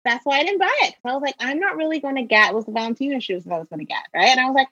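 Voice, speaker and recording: A woman's voice: high voice, expressive, racing, a bit bright, breathy edge, dry recording, dull audio. A woman guest on a podcast chatting casually and breezily about her business, laughing easily. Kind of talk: casual chat.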